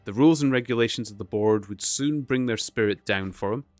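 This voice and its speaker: A man voicing a pompous, irritable middle-aged parish beadle in a storybook reading, loud and contemptuous. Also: medium pitch, brisk, no room sound, faint music behind, lightly acted.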